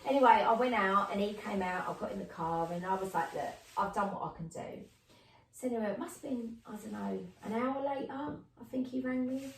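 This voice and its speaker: A middle-aged woman, chatting as a podcast guest and telling lively stories in which she acts out other people's voices. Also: a little high, a little fast, gravelly, hardly any pauses, slight background noise. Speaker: podcast guest, clairvoyant medium. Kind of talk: casual storytelling chat. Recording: roomy, distant mic.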